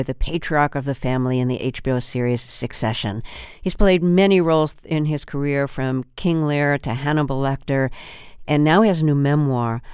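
A woman hosting a radio interview, asking measured, precisely worded questions into a studio microphone. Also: low-pitched, darkish tone, clean tone, dry recording.

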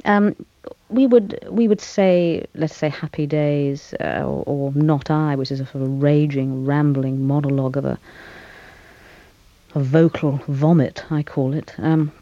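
A woman actress answering interview questions in a thoughtful, measured way, with fillers and small laughs. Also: sits low, fairly even intonation, mellow, dry recording, lo-fi sound.

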